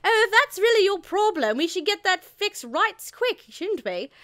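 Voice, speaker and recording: A woman's voice: very high voice, big pitch swings, normal speed, pushed and bright, no room sound, clean studio sound, pitched above the performer's own voice, full character voice. A woman voicing a bold, frisky mature woman witch in a put-on English accent, with a saucy, teasing manner.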